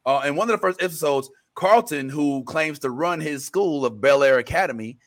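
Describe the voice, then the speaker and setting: A man hosting a casual pop-culture talk show, rambling through restarts and fillers and getting animated when he retells scenes. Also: a little high, normal speed. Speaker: show host.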